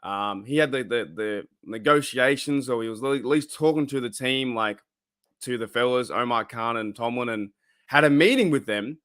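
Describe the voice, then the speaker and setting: A man's voice: mid-range voice, normal speed, fairly bright tone, clear, resonant tone, no room sound, clean studio sound. Australian man chatting casually on a live stream. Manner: rambling, greets chat viewers, frequent fillers. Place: his room at home.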